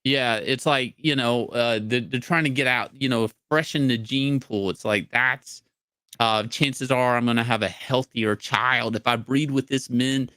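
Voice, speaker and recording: A man's voice: medium pitch, fairly even intonation, unhurried, sharp tone, smooth, dry recording. Southern-ish man from North Carolina, profane rambler, dry mic, casual podcast guest. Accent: Southern US, mixed with Northern. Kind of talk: casual livestream chat.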